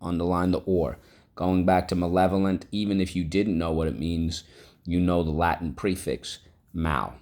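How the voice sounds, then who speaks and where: A man's voice: low-pitched, fairly even intonation, a little mellow. A male teacher giving a vocabulary lesson to children, drawing out words syllable by syllable. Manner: drawn-out, syllable-by-syllable word drills. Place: classroom.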